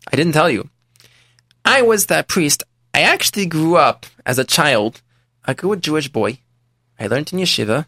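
A man's voice: fairly high pitch, lively intonation, normal speed, bright, forceful tone, dry recording, clean studio sound, full character voice. A man voicing a repentant rich old man. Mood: confessional. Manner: earnest, confessional first-person telling. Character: repentant rich man, former priest, older.

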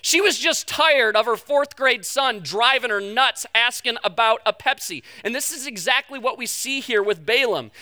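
A man's voice: very high-pitched, pushed and bright. A man in his thirties preaching a sermon, conversational and emphatic, weaving family stories into a Bible passage. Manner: conversational, storytelling, emphatic on key points. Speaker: pastor.

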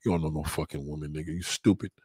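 A man hosting a live stream, reading viewer comments aloud and mocking them with loud, heavy-swearing swagger. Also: extremely low pitch, fairly even intonation, fast talker, husky, dry recording, clean studio sound. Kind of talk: profane live chat reading.

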